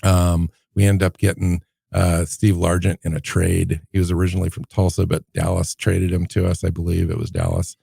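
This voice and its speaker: A man's voice: sits low, level tone, normal speed, creaky, hardly any pauses, dark tone, husky, no room sound, clean studio sound. A man in his fifties from the Seattle area, co-hosting a podcast and unhurriedly reminiscing in casual chat. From Seattle area, USA. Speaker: podcast co-host.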